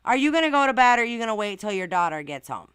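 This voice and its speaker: Woman host, casual stream commentary, indignant and blunt, bright clear tone, dry close sound. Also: a little high, big pitch swings, rapid-fire, dry recording. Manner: outspoken, indignant, swears and asks rhetorical questions. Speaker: channel host reading viewer comments.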